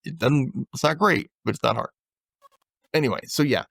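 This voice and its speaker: Male podcast host, middle pitch, lively recap chat, dry close-mic sound. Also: moderate pace, gravelly, slightly rough, no room sound. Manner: animated retelling, acts out characters' lines.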